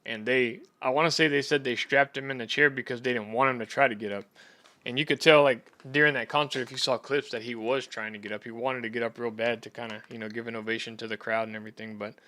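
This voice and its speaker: A man's voice: mid-range voice, steady tone, fast talker, sharp tone. A young Texan man hosting a sports podcast, chatting loosely with a rambling, profane manner. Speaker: podcast host. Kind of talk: casual chat.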